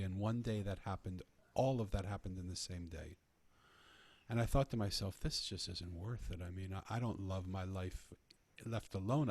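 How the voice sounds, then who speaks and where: Deep, husky-voiced man telling a story. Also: darkish tone, no echo. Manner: earnest, with repeated restarts. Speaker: podcast guest telling a story. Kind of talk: conversational storytelling.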